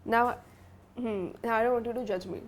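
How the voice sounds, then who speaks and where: A woman's voice: fairly high pitch, fairly even intonation, fairly quick. A woman hosting a casual chat, laughing along and asking blunt questions. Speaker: podcast host. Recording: faint background noise.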